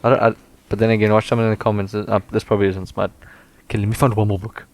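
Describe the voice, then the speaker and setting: Man reading book passages aloud slowly. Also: fairly low pitch, little pitch movement, a little hiss or hum. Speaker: podcast co-host.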